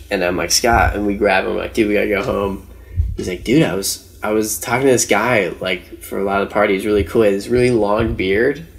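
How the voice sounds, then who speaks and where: A young man telling a rambling story in casual podcast chat, with lots of slang and fillers. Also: on the low side. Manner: rambling, slangy, says "dude" and "like" often.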